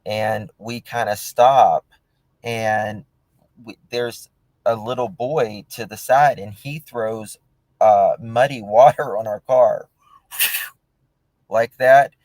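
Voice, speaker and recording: A man's voice: on the low side, steady tone, slow pace, pauses often, darkish tone, dry recording, rough recording. A man hosting a casual talk show, telling an easygoing anecdote with chuckles. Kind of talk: casual chat.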